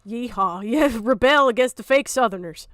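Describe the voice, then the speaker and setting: A woman's voice: high-pitched, lively intonation, measured pace, a bit bright, no room sound, clean studio sound. Goofy cartoonish-voiced woman streamer. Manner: laughs often, swears freely. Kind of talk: casual stream chat.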